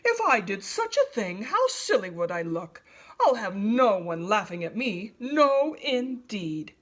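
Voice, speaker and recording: A woman's voice: high-pitched, huge pitch swings, voice pushed up, exaggerated voice. A vain male giraffe draws out his words with lofty pride, played by a woman. His storybook voice sounds haughty and full of self-importance. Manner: pompous, haughty and drawn-out.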